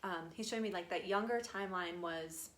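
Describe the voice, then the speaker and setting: A young woman medium talks through a live channeling session in a slightly low voice. Her speech is casual and rambling, dotted with fillers and small laughs as she passes along messages. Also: fairly quick, slight background noise. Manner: relays messages in a chatty, giggly way with many fillers. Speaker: spirit medium.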